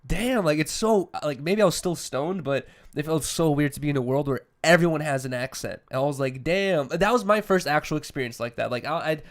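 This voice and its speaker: Young American male podcast host, slightly high voice, loose and rambling, swears freely. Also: fairly quick, few pauses. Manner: rambling, animated storytelling with slang and swearing. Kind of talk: casual chat.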